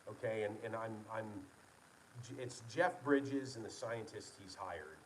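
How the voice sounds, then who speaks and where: A man's voice: lowish voice, unhurried, recorded from a distance, slight background noise, poor audio. A man, a licensed engineer, talking casually and earnestly to an online meeting, rambling and correcting himself as he goes. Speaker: licensed engineer presenting to his company's followers.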